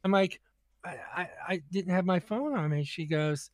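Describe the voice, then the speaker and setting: Male podcast co-host, high voice, dry close sound; rambling storyteller who restarts often and plays both sides of the dialogue. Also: moderate pace, no room sound. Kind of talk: casual comedic storytelling.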